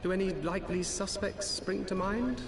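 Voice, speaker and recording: An earnest, articulate young scholar. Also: male voice, high voice, moderate pace. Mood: thoughtful. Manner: formal, articulate. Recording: echoey game audio with noise.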